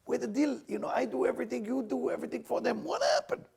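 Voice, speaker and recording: A man's voice: huge pitch swings, quick pace, creaky, darkish tone, breathy edge, exaggerated voice. A man voicing an old patriarch who pleads with God for his children. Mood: pleading. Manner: pleading, voice climbing high.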